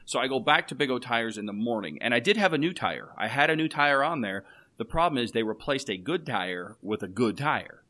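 A young man tells a story of pure exasperation on a casual podcast. His voice is bright and edgy, and he slips into the other people's voices for the quotes, swearing as the frustration builds. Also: mid-range voice, lively intonation, a little fast. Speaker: podcast co-host. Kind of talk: casual ranting podcast chat.

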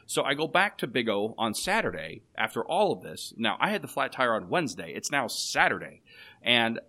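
Young guy ranting on a podcast, bright sharp voice, acts out what everyone said, swears a lot. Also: mid-range voice, big pitch swings, moderate pace. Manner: exasperated storytelling, acts out quotes, swears. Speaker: podcast co-host. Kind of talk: casual ranting podcast chat.

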